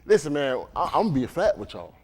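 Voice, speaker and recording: A man's voice: fairly high pitch, sing-song, fast talker, breathy edge. A man from preaching a sermon to a congregation in a loose, conversational way, often checking in with questions. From Dade County, Florida. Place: congregation room.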